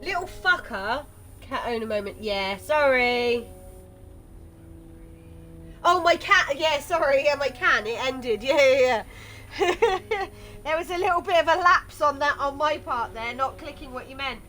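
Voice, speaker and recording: A woman's voice: high-pitched, expressive, a little slow, bright, forceful tone. A woman streaming a game playthrough, reading its text aloud and chatting casually, swearing now and then.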